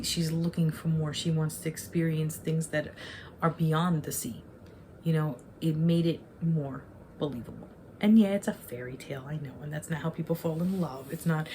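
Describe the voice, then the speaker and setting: A woman in her forties talks through a film review in an unscripted, meandering way, often stopping to rephrase herself. Her voice sits low for a woman. She speaks frankly about her feelings. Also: darkish tone, a little hiss or hum. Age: 40s. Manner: rambling and self-correcting, openly emotional. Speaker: online movie reviewer. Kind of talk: casual spoken film review.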